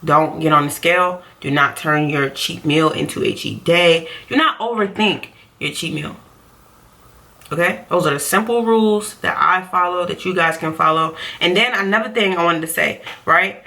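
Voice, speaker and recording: A woman's voice: on the low side, moderate pace, bright, forceful tone. A woman coaching on diet in a casual vlog, chatty and repeating her points for emphasis.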